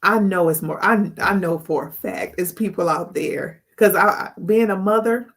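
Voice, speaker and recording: A woman's voice: medium pitch, moderate pace, a bit bright. A woman hosting a heartfelt spiritual talk as a life coach, speaking to the camera in an earnest, emotional way and often repeating her words. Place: indoors, on camera.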